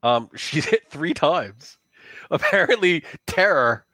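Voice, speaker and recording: A man running a tabletop game as game master, narrating in a loose, halting way with many restarts. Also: on the high side, big pitch swings, bright, forceful tone, dry recording.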